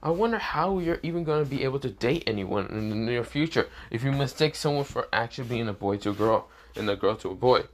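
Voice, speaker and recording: A woman's voice: extremely low pitch, lively intonation, fast talker, few pauses, slight background noise. A man voicing an exasperated young female swordswoman in a casual spoken fan story. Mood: indignant. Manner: scolding, exasperated.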